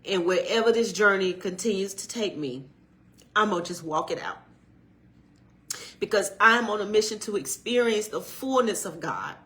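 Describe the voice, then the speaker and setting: A middle-aged woman talks casually on a livestream. Her voice is bright and forceful, and she greets viewers by name. She slips into an encouraging, preacherly tone, like a minister talking to her community. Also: medium pitch, lively intonation, moderate pace. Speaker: channel co-host and minister.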